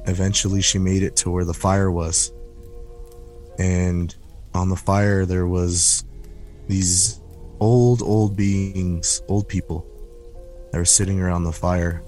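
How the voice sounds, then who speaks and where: A man with a very low voice tells a scary story on a podcast. He builds suspense slowly and repeats words for effect. Music plays clearly beneath his voice. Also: little pitch movement, a little mellow. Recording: music playing under the voice.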